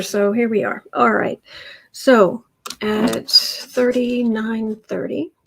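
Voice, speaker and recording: A woman hosting a casual tarot livestream from home, rambling and breaking off to calm her pets. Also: a little high, rough recording. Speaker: tarot reader and livestream host.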